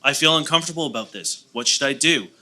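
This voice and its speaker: A man's voice: on the high side, lively intonation, fast, sharp tone. A man co-hosting a podcast live on stage, joking and rambling with many restarts in casual talk. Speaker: podcast co-host. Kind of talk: casual comedic chat. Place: live show venue on stage.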